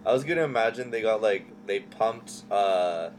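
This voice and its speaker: A man, co-hosting a podcast in relaxed, casual chat with short quips. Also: fairly low pitch, normal speed, a crowd in the background. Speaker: podcast co-host.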